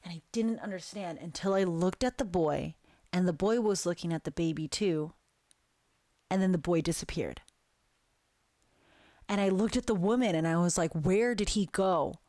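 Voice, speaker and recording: A woman recounting a frightening dream in a slow, hushed, deliberate way with long pauses. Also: fairly low pitch, no echo, studio quality. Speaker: guest storyteller. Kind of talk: dramatic personal storytelling.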